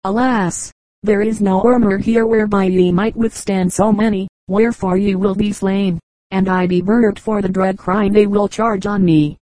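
A woman's voice: medium pitch, normal speed, dark tone, no room sound, close to an everyday voice, low-quality recording. A woman reading the lines of a fearful, weeping queen in an audiobook, plaintive and formal. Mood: lamenting.

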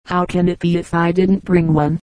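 A woman voicing a lively, frank young girl who talks candidly and briskly, in an audiobook reading. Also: lowish voice, no room sound, lightly acted.

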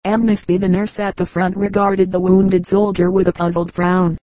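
A woman narrating humorous anecdotes for an audiobook in an even, measured way. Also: on the low side, no room sound, rough recording. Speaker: audiobook reader.

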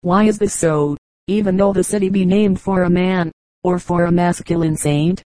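A woman reading a travel memoir aloud as a volunteer audiobook narrator, in an even, unhurried way with light voicing of the dialogue. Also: on the low side, no echo, rough recording. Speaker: audiobook reader. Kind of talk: scripted narration.

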